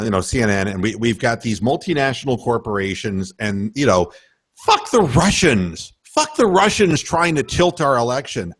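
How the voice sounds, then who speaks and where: Here a radio host with a medium-pitched, fairly bright voice delivers a profane, indignant political tirade. The more worked up he gets, the more he stumbles, restarts and repeats himself to hammer his points.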